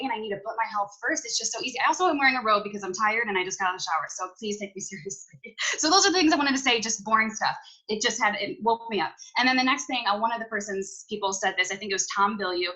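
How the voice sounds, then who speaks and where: Young woman, bright clear voice, chatty and emphatic, video call from home, repeats key points. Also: on the high side, racing, rough recording. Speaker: team leader recapping a conference. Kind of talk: casual motivational talk on a video call.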